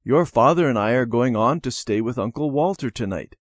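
A man's voice: mid-range voice, lively intonation, brisk, no room sound, clean studio sound, lightly acted. A man voicing a mother in a storybook, in a plain, matter-of-fact way. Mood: firm. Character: calm mother giving instructions.

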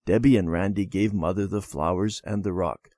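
A man reading a children's story lesson in a measured storybook manner. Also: deep voice, fairly even intonation, a little mellow, no room sound, clean studio sound. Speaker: reader. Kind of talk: scripted narration of a children's lesson.

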